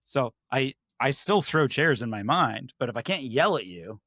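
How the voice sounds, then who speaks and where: A man, a podcast guest, telling stories in a casual, animated way and acting out his own past remarks. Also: medium pitch, moderate pace, no echo, studio quality. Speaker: podcast guest, IT services manager.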